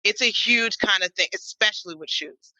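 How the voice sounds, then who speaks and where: A woman's voice: medium pitch, normal speed, no echo, low-quality recording. A woman comedian with Jamaican family, chatting and joking loosely on a podcast, swearing and laughing as she tells stories. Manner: animated, swearing, laughing storyteller. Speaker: comedian guest. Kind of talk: casual comedic podcast chat.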